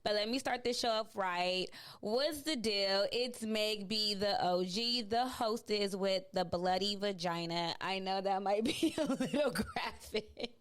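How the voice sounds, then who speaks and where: A woman's voice: medium pitch, measured pace. A woman hosting a podcast in casual, blunt chat, swearing freely and laughing often. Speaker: podcast host.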